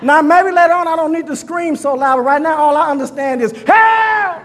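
A man preaching a fervent sermon to his congregation, calling out to them and often shouting. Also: very high-pitched, little pitch movement, fast, long reverb tail. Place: church hall.

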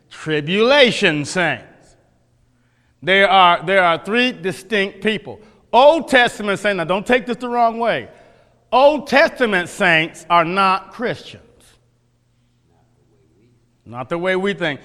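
Preaching slowly and expressively with long pauses, a male pastor delivers a scripture-based sermon, pressing questions and circling back to key phrases. His high, bright voice rings with the long reverb of a church hall.

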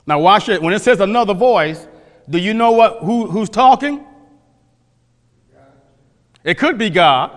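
A man's voice: high-pitched, lively intonation, unhurried, long pauses. A male pastor teaching a sermon from scripture, emphatic, repeating phrases and quizzing the congregation. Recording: long hall reverb.

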